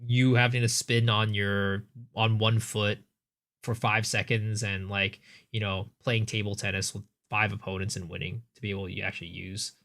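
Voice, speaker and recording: A man's voice: lowish voice, little pitch movement, moderate pace, creaky, fairly bright tone. A man streaming live, chatting casually and thinking aloud as he answers viewer questions, with frequent restarts.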